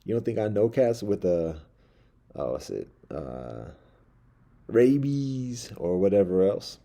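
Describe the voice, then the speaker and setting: A man voicing a streetwise male house mouse who talks in slang, boasting and making quiet threats. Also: lowish voice, sing-song, slow pace, vocal fry, exaggerated voice. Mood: threatening.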